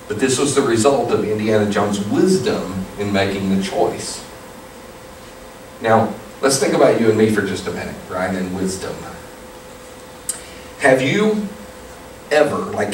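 A male pastor with a low voice delivers a conversational sermon, retelling a story and inviting his congregation to answer. He is picked up from a distance in a reverberant church. Room ambience sits clearly behind him. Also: slight background noise. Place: church sanctuary. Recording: echoey hall, distant mic, room ambience.

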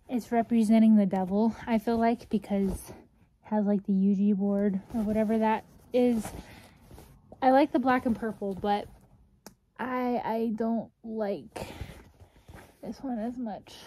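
Slow-talking young woman vlogger, higher voice. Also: dark tone, slight background noise. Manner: rambling, thinking aloud with many "like"s. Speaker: fashion vlogger. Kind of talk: casual vlog chat.

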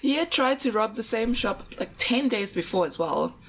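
A woman's voice: on the high side, lively intonation, normal speed, slightly rough, rough recording. A woman from South Africa co-hosting a podcast, telling stories in casual chat and often laughing. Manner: chatty, giggly, often breaks into laughter. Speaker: podcast co-host.

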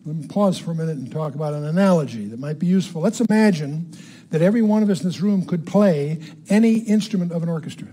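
An older man leads a Bible teaching in front of a live audience. His voice sits a little high but has a mellow, relaxed tone. He stresses words by repeating them and keeps checking in with questions to the room.

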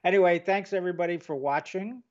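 A man's voice: high-pitched, fast talker, muffled recording. An older man co-hosting a casual chat, rambling and trailing off mid-sentence. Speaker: co-host.

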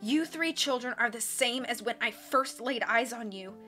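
A woman voicing a dying villainous man with a wheezy, rough, hoarse voice, bitter and theatrical, over faint music. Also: fairly high pitch, moderate pace, pushed and bright. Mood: snarling, bitter.

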